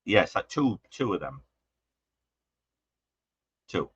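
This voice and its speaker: A man's voice: deep voice, big pitch swings, slow, breathy edge, no echo, highs cut off. A man co-hosting a call-in show, joking and playful with the callers. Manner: playful, joking, laughs often. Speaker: co-host, guest doctor. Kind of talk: casual call-in chat.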